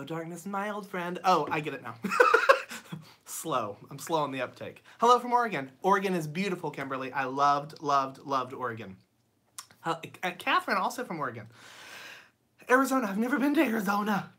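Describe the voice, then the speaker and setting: Fairly quick and animated, her voice on the lower side, the channel host chats on a casual livestream from her home studio. She welcomes viewers by name and reads out their comments, peppering everything with ums and cheerful laughter.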